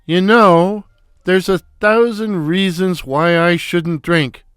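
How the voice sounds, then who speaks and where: A man voicing a brash, crude, wisecracking male slapstick comic with a loud foghorn voice in a read-aloud story. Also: high voice, fairly even intonation, slow pace, clear, resonant tone, no echo, studio quality, faint music behind. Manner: wisecracking, boisterous. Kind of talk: storybook character voice.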